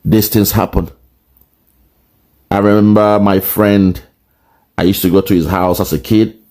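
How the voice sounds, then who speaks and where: A man's voice: low voice, darkish tone. A man with a Nigerian accent giving an impassioned political monologue, rhetorical and repetitive. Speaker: political commentator.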